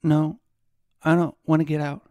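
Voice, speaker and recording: A man voicing a frightened young woman who pleads in a halting, childlike way. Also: on the low side, vocal fry, no echo. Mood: pleading.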